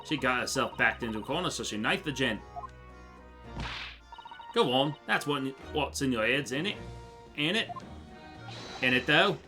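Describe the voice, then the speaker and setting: Man doing Cockney urchin girl, cocky pickpocket, defiant and taunting, lively swings, game music behind. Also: medium pitch, moderate pace, long pauses, lightly acted.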